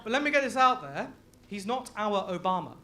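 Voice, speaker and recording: A young man from Leicester works a live comedy crowd with loud, crude banter, laughing through his lines. His voice sits very high for a man and rings bright and sharp. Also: very animated, fairly quick, slight background noise. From Leicester, England. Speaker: stand-up comedian. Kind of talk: live stand-up set.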